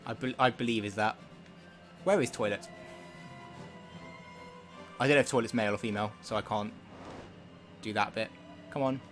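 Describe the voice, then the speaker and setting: Relaxed, chatty young man. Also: lowish voice, moderate pace, pauses often, soft background music. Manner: relaxed, chatty, rambling with fillers. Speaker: speedrunner. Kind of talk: casual live-stream commentary.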